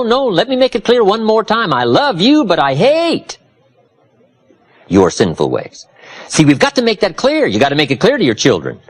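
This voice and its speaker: Guy giving a motivational talk, husky voice, swings way up and down, preachy. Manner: preacherly, dramatic swings from low confiding to loud emphatic. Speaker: motivational speaker.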